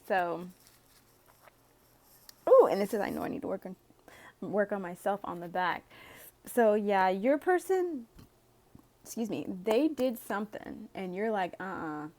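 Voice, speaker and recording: A woman's voice: mid-range voice, darkish tone. A woman doing a casual tarot reading for viewers. She reads the cards aloud in a chatty way, with sighs and laughs along the way. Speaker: tarot reader.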